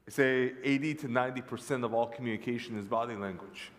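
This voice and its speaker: A male pastor preaches a sermon in a church sanctuary, telling stories and emphatically calling out to his congregation, his voice ringing with long reverb. He speaks fast at a medium pitch, with a little hiss or hum in the audio.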